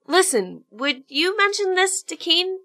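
A woman voicing a spirited young female crime-fighter in an amateur audio drama, speaking in an animated, exclamatory way. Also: extremely high pitch, measured pace, heavily acted.

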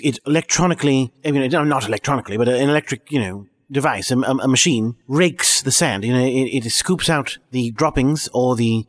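A man's voice: mid-range voice, big-room sound. A man hosting a podcast, chatting casually and hesitantly with many restarts. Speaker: podcast host. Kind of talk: casual chat.

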